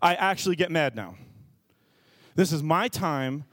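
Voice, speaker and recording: A man's voice: on the high side, animated, unhurried, no echo, studio quality. A man in his thirties, a pastor telling a funny self-mocking story in a sermon.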